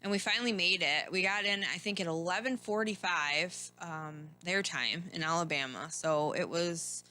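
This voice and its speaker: A woman's voice: on the low side, moderate pace, bright, forceful tone. A woman podcast host from Michigan telling a rambling, candid personal story, often laughing and restarting her sentences.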